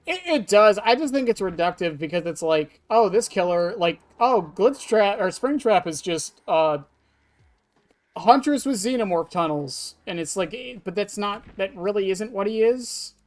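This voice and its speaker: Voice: medium pitch, animated, normal speed. A streamer casually talking through a match of an online horror game and answering chat, blunt and offhand, swearing freely. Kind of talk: casual live-stream gameplay commentary.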